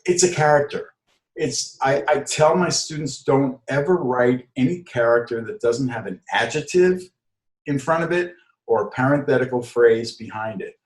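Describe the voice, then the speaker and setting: An older man, a comedy writer and improv teacher, answering interview questions and slipping into quick character voices to make his points. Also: medium pitch, lively intonation, reverberant, poor audio.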